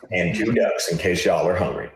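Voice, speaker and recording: A man's voice: deep voice, measured pace. A man putting on a cocky South Carolina redneck. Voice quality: gravelly drawl. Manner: boastful, cocky. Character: brash Southern good-ol'-boy man. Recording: echoey room from a played clip.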